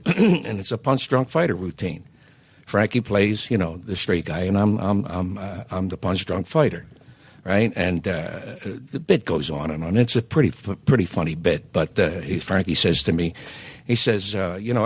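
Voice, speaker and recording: A man's voice: low voice, expressive, normal speed, breathy edge, no echo. An older man from South Philadelphia telling showbiz stories in a casual interview, rambling with many fillers and restarts. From South Philadelphia, USA. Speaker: guest entertainer.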